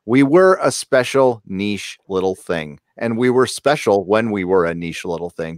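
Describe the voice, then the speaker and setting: A man co-hosting a casual livestream, ranting about pop culture with halting fillers. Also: deep voice, no room sound, studio quality. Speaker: livestream co-host.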